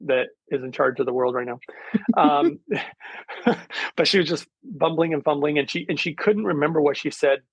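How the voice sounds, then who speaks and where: A man's voice: on the high side, normal speed, husky, dry recording, lo-fi sound. A man speaking as a guest in a casual interview, earnest and rambling, with many fillers. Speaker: guest, hydrogen therapy specialist.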